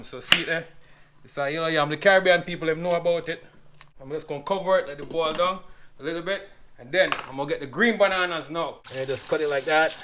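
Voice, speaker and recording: Jamaican man, slightly high voice, easygoing patois cooking chat, faint sizzle behind. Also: noisy background. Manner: relaxed, chatty, patois phrases. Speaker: cook. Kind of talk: casual cooking demonstration.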